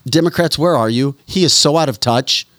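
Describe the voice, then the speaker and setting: A man's voice: on the high side, a little fast, fairly bright tone, no echo, clean studio sound. A man hosting a political talk show, speaking with indignant emphasis and repeating phrases as he builds his point. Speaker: show host.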